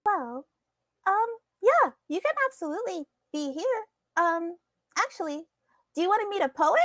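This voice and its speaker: A woman plays her character in a tabletop game, friendly and quick with a touch of apology. Her voice is very high. It sounds close and dry. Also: very animated, a bit bright, no room sound. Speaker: player.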